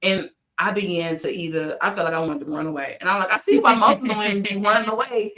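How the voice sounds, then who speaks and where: A woman talking candidly and animatedly, with many restarts and sudden high jumps in pitch, sometimes catching her breath. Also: fast, pushed and bright. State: short of breath from throat trouble. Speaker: podcast co-host. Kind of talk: candid casual chat.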